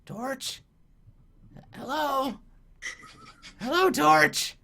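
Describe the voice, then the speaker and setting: A man voicing an excitable, self-important male goblin who carries a torch. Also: extremely slow, creaky, full character voice. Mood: curious. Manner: squeaky, shouty, self-important.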